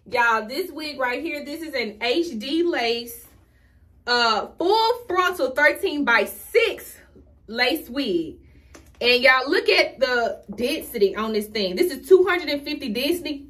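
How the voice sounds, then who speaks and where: Young female beauty vlogger, high voice, loose and talkative, casual home recording. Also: animated, takes it slowly, a bit bright. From Houston, Texas. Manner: chatty, talks straight to viewers with lots of "y'all". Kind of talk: casual get-ready-with-me tutorial. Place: at home, indoors.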